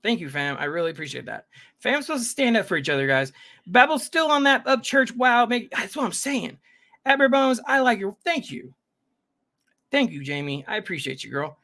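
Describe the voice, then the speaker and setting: A man's voice: sits high, very animated, moderate pace, gravelly, sharp tone. A man hosting a casual live reaction stream, chatting with viewers and greeting them by name, rambling with frequent self-interruptions. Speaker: livestream reaction host.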